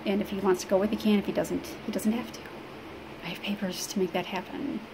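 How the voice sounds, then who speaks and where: A woman from Illinois talks to the camera in a personal vlog, halting and rambling with many fillers. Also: mid-range voice. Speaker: vlogger. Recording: steady background noise.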